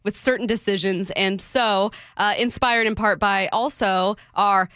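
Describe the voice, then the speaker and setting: Bright-voiced woman co-hosting sports radio. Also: mid-range voice, fairly even intonation, unhurried, clean tone, dry recording, clean studio sound. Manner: upbeat, steering the show. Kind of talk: sports talk radio banter.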